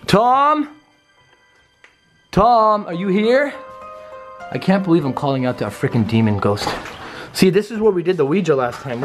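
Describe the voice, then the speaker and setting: A young man hosting a nervous ghost-hunt vlog, repeating himself and talking straight to viewers from a run-down house. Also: fairly high pitch. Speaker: vlogger host. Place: inside a run-down house basement.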